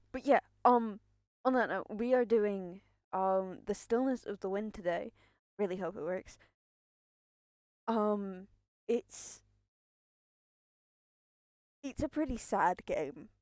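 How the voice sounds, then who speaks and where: A young woman talks to her stream in a slow, unhurried drawl, yet she sounds jittery and a little out of breath, circling back over the same words and swearing as she goes. The sound is dry and close, with no room around her. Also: mid-range voice, a little mellow, dry recording. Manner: rambling, nervous, swears and repeats herself. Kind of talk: casual live-stream chat.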